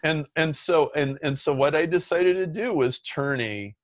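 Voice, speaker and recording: A man's voice: a little high, normal speed, no room sound. A middle-aged man telling stories as a guest in an interview, talking casually with many "like" fillers. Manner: chatty, lots of "like" fillers. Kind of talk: casual storytelling.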